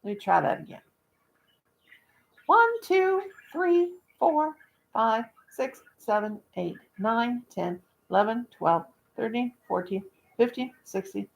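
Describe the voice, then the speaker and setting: A woman's voice: medium pitch, vocal fry. An older woman, chatting bluntly and rambling in folksy talk while crocheting on a livestream. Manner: blunt, rambling, folksy, talks to chat and her birds. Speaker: livestream vlogger. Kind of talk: casual chat while crocheting.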